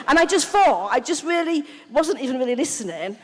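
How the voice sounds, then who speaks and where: A woman's voice: high voice, fairly quick, few pauses, slight background noise. Woman telling her recovery story. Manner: animated and frank, laughing and swearing, acting out quoted lines. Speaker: main speaker at a recovery convention. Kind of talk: personal recovery testimony told as a story. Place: convention hall. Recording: live talk in a reverberant hall.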